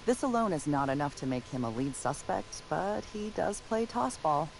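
An actor voicing a formal, dry-witted detective robot in a video game, speaking with precise deadpan delivery. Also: male voice, on the high side, normal speed, vocal fry, soft background music, poor audio.

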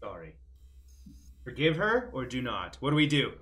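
A man's voice: mid-range voice, moderate pace, faint music behind. A young man streaming a game, reading its text aloud and reacting with casual, joking commentary. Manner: animated, jokey, swears casually.

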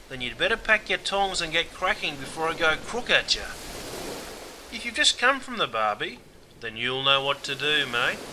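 A man with an Australian accent narrates a scripted language course in a fairly high, bright, forceful voice. He's slangy and matey, saying "mate" constantly. Music plays under his voice, and the low-quality recording has slight background noise.

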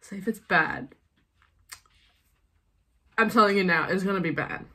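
A woman's voice: fairly low pitch, unhurried, heavy background noise. A woman singer chatting casually and poking fun at herself, laughing often. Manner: self-mocking, giggly, chatty. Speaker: singer doing a cover. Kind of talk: casual chat. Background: backing music.

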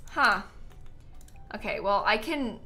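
Bright, lively woman streaming a game. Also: medium pitch, slow pace, faint music behind. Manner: chatty, giggly, talks to chat. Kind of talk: casual gameplay commentary.

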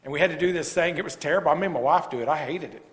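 A man's voice: a little high, rapid-fire. A man preaching a sermon as a pastor, folksy and rising to emphatic preaching. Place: church sanctuary. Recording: long church reverb.

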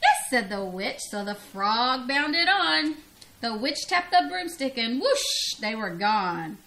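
A woman's voice: fairly high pitch, slow pace. A grandmother reading a children's storybook aloud expressively, laughing and leaping up on the cries. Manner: expressive, laughing, big vocal jumps on cries.

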